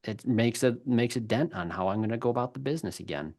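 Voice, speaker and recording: A man's voice: mid-range voice, lively intonation, fast, darkish tone. A man hosting a webinar in casual conversation, telling stories and laughing often. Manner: chatty storyteller, laughs often. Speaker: webinar host.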